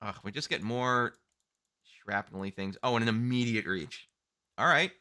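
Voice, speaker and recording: A man's voice: medium pitch, moderate pace, pushed and bright. A man co-hosting a mahjong stream, thinking aloud through plays in casual commentary.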